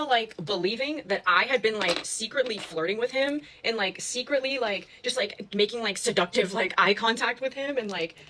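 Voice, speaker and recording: Fast-talking bright young woman storyteller. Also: fairly high pitch, a little hiss or hum, low-quality recording. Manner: chatty, filler-heavy, swearing. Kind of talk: casual storytime.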